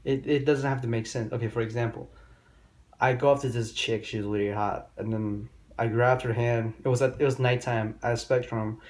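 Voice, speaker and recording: A man's voice: medium pitch, fairly even intonation, moderate pace, darkish tone. Rambling young man, casual vlog talk. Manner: rambling, profane, loose grammar. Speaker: vlogger giving dating advice. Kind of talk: casual storytelling monologue.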